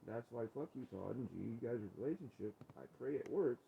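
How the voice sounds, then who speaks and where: A man arguing with his wife on a vlog, profane and confrontational, his voice rising toward yelling. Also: medium pitch, lively intonation, a little fast, creaky, dull audio, slight background noise. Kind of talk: heated domestic argument on a vlog.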